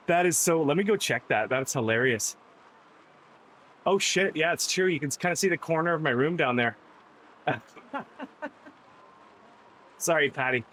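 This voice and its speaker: A man's voice: medium pitch, a bit bright. A man talks easily while he pedals through a virtual cycling race, chatting to his stream and to his riding buddy. He laughs often and sounds slightly winded. A faint hum of noise sits behind him. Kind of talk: casual live-stream chat.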